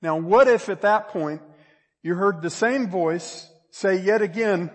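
Husky preacher man in a big hall. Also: high voice, unhurried. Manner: conversational, builds to loud emphatic peaks, repeats words. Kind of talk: sermon. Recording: long reverb of a large hall.

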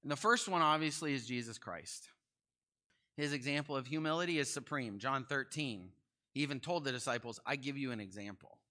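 A young man teaching a Bible study in a conversational, animated way, asking his listeners questions. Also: mid-range voice, a little fast.

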